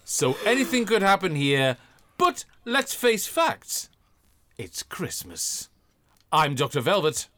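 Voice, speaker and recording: Giggly podcast host. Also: male voice, high voice, sing-song, slow pace, pushed and bright, dry recording. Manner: giggly, chatty, tipsy banter. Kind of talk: casual chat.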